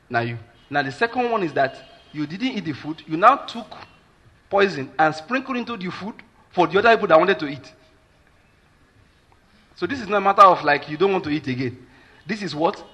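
A man's voice: a little high, bright, forceful tone, breathy edge. A Nigerian man preaching a sermon as a pastor, emphatic and keeps asking his listeners whether they follow.

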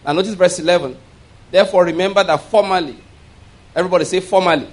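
A male pastor preaching, reading scripture slowly with emphasis and having the congregation repeat key words. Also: high-pitched. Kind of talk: sermon. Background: congregation responding.

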